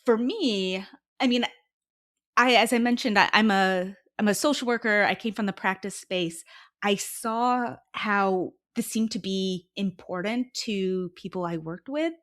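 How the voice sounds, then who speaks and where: A woman in her thirties, a researcher and social worker, answering interview questions earnestly, laughing easily and sometimes dropping to a quiet tone. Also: medium pitch, a little slow.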